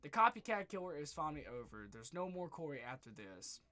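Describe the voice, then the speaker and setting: A man excitedly retelling a movie plot in a rambling, profane spoiler review, his voice going hoarse. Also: on the high side, a little fast. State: losing his voice. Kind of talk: casual spoiler review monologue. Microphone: webcam.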